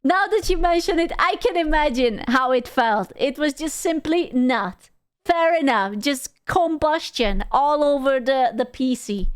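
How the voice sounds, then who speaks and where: A woman streamer reacting to a video in casual, excitable commentary, full of exclamations and swearing. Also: sits high, measured pace, smooth, dry recording, studio quality.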